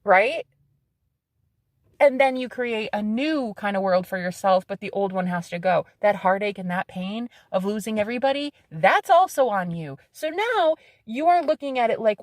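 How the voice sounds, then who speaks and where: A woman in her thirties talks straight to camera in a casual vlog, blunt and defiant, swearing freely and hammering her points home by repeating them. Her voice sits at an ordinary middle pitch. The sound is close and dry, with no room around it. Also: expressive, normal speed, no echo. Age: 30s. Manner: laughs between lines. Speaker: psychic medium.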